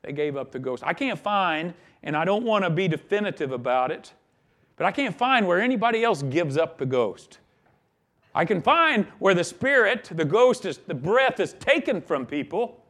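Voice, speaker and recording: A man's voice: sits high, very animated, normal speed, fairly bright tone. A man preaching a sermon, emphatic, with his voice rising and dropping in volume. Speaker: pastor.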